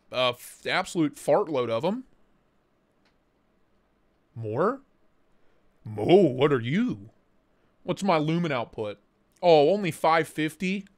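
A man hosting a casual livestream, talking in an excitable, slangy way and swearing freely. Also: fairly high pitch. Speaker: livestream host.

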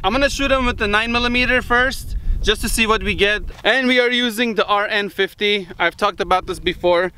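High-voiced man chatting casually outdoors. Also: a little fast, bright, forceful tone, a little hiss or hum. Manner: loose and chatty, with frequent fillers. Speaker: firearms channel host. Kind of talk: casual vlog talk to camera. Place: outdoors in a desert.

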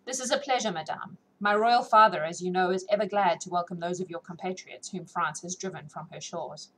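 A woman's voice: fairly low pitch, fairly quick, fairly bright tone, breathy edge, poor audio. A woman reading as a gracious, teasing royal prince. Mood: courtly. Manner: courtly, drawling, formal.

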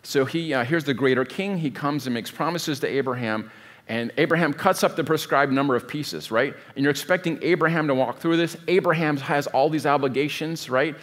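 A man's voice: a little high, brisk, fairly bright tone. A man preaching a sermon as pastor, in a conversational, digressive way, often stopping to rethink a sentence. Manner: conversational, digressive, thinks aloud mid-sentence.

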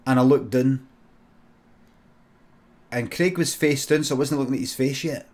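A man with a Scottish accent improvising a comic story on a stream, deadpan and sweary, breaking into sudden shouts. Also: medium pitch, normal speed.

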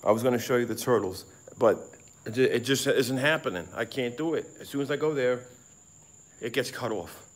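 A man's voice: mid-range voice, fairly quick. Sweaty guy rambling and cussing on a phone livestream outside at night, bugs and frogs chirping behind him. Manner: rambling, excitable, swears freely. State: sweating in the heat. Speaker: live-streamer. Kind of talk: casual live-stream chat outdoors at night. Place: outdoors at night by a pond. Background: frogs and insects chirping.

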